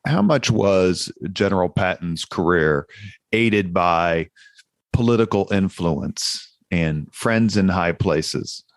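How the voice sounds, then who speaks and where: A man hosting a podcast, asking curious, measured questions of his guest. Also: low voice, expressive, no room sound. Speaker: podcast host.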